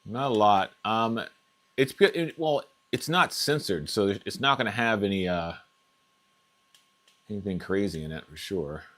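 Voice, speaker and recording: Low-voiced man musing through a live stream. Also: measured pace, a bit bright. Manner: thinking aloud, trailing off. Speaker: RC hobby channel host. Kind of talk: casual live unboxing chat. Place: home.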